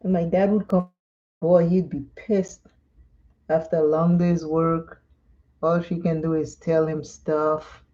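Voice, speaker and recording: A woman's voice: low voice, little pitch movement, slow, dark tone, lo-fi sound. A woman from Dominica, chatting and telling stories during a live makeup tutorial and laughing often. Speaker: makeup vlogger.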